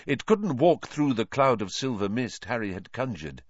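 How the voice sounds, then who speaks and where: A man's voice: mid-range voice, big pitch swings, moderate pace, no room sound, lo-fi sound. A man narrating an audiobook with a dramatic, tense storytelling manner. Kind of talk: scripted narration.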